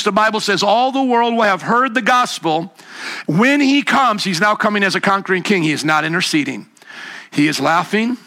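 A man preaching a sermon to a congregation, emphatic and animated, sometimes mimicking scoffers in a high, mocking voice. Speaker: pastor.

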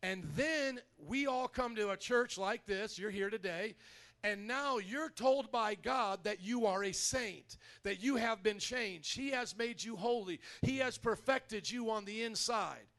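High-voiced energetic preaching man. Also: a little slow. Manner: energetic, conversational preaching with audience call-outs. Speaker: pastor. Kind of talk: sermon. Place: church.

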